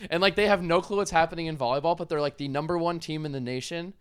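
A man's voice: on the high side, fast talker, clean tone, no room sound. A man with a Southern US accent, a guest chatting casually and telling rambling, self-interrupting stories. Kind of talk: casual chat.

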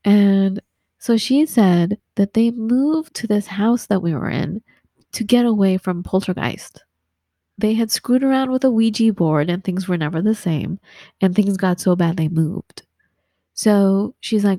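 A woman from Southern California with a Southern Californian accent, a guest in a casual conversation, telling stories in a chatty, animated way full of "like" and laughs. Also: medium pitch, unhurried, dry recording, clean studio sound.

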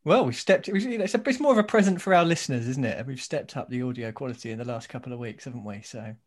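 A man's voice: mid-range voice, lively intonation, very fast. A man from England hosting a podcast, chatting casually with dry, self-mocking humour. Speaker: podcast host. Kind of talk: casual chat.

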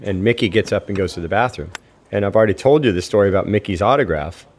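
A man's voice: fairly low pitch, fast talker, slight background noise. A man, a professional surfer, casually recounting anecdotes with fillers and quoted dialogue.

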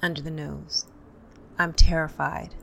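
Low, gravelly-voiced woman guiding tapping. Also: a little slow, slight background noise. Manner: calm, repeats affirmations for listeners to echo. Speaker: tapping instructor. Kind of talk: guided tapping session.

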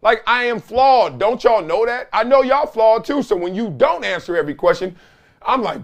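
High-voiced man riffing on sports. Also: normal speed. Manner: animated, slangy storytelling with laughs. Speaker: sports talk show host. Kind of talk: casual sports commentary.

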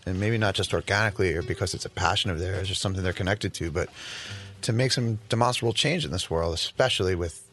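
A male host leads a relaxed interview, asking questions in a low-pitched voice with engaged, affirming remarks. Faint music plays behind him. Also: fast talker. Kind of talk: casual interview.

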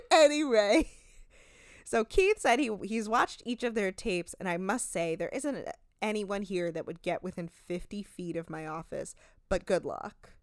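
A woman co-hosting a casual podcast, recapping a reality show with quick asides and frequent laughter. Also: medium pitch, dry recording, studio quality. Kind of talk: casual chat.

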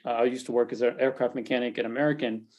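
A man's voice: mid-range voice, fairly even intonation, rapid-fire, darkish tone. A middle-aged man hosting a faith podcast, talking in an earnest, encouraging and reflective way. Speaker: podcast host.

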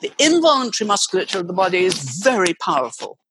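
An older woman voice teacher, explaining expressively as a guest, swooping her pitch to demonstrate. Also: sing-song, quick pace, fairly bright tone, husky, no room sound, poor audio. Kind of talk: explanatory interview talk.

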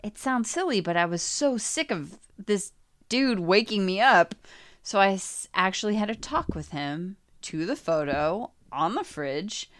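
A woman co-hosting a podcast, telling a story in a wry, animated way. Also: mid-range voice, unhurried, no echo. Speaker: podcast co-host. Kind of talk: casual podcast chat.

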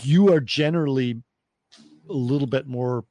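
Male podcast co-host, casual and rambling, dry close mic, mid pitch. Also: normal speed, mellow, no room sound. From Texas. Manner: rambling, emphatic, frequent restarts and "right?" checks. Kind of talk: casual chat.

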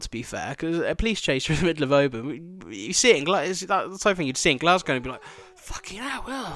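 Fast-talking sweary male podcaster. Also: on the high side, sharp tone, no echo. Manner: sweary, rambling, laughing asides. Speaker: podcast host. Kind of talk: casual travel storytelling.

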